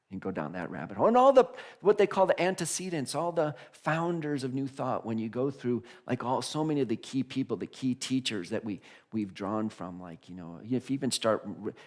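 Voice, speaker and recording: A male minister giving a conversational sermon in a church, animated, often restarting phrases and laughing. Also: fairly low pitch. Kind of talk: casual sermon. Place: church sanctuary.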